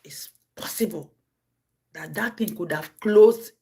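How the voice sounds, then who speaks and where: A Nigerian woman telling stories on her livestream. She acts out the people in them, jumping from a low murmur to high cries and shouts. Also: slow pace, slightly rough. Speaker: livestream host. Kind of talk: casual storytelling.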